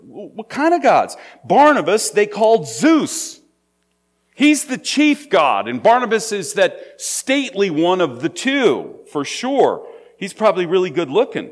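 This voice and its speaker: A man preaching a sermon in a conversational, storytelling way. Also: high voice. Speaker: pastor.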